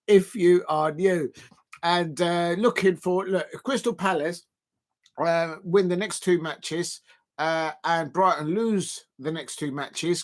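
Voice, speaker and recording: A man hosting a live football watch-along, chatting to viewers and shouting excitedly when goals go in. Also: on the high side.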